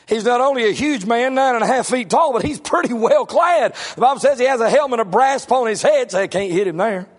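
A middle-aged male preacher giving a sermon in a folksy way, swinging between shouted lines and low, quiet asides. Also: a little fast, hardly any pauses.

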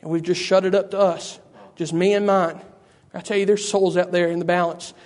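A man's voice: sits high, little pitch movement, fairly quick, a little mellow. A man preaching a sermon, fervent and repetitive, calling out to listeners by name. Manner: addresses listeners by name, frequent "I tell you".

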